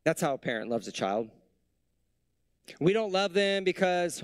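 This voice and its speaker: A pastor delivers his sermon in a fairly high male voice, talking with the congregation rather than at them. He keeps asking them questions and goes quiet and low on the tender lines. The sound is close and dry, with almost no room echo. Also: very animated, measured pace. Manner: conversational preaching with many rhetorical questions.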